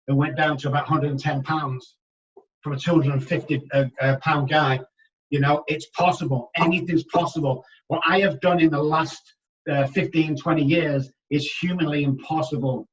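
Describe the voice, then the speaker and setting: A man in his sixties, a recovery expert guest on a podcast, telling his story candidly and emphatically, moving from hushed to loud. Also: on the high side. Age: 60s. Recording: dull, distant podcast audio.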